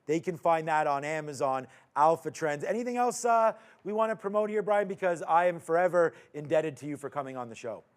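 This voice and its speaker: A man's voice: on the high side, animated. A man hosting a live market recap show, chatting casually and joking between stock calls. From Canada. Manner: upbeat, joking, quick asides. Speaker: host.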